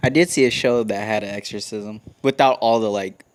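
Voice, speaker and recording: A young man co-hosting a podcast, telling a story in relaxed casual chat with loose hesitations. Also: lowish voice, fairly quick. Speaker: podcast co-host.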